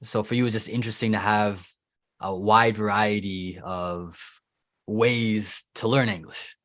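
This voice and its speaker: A man's voice: on the low side, unhurried. Chatty male English teacher hosting. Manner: relaxed, chatty, many "mm-hmm" backchannels. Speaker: English teacher and interview host. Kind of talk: casual interview chat.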